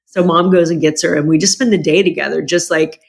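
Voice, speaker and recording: A woman's voice: low voice, a little fast, gravelly, breathy edge. A woman being interviewed as a podcast guest, telling a personal story frankly and emotionally, with many restarts, and acting out what her family members said in a raised voice. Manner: animated, acts out quoted family members with a lifted voice.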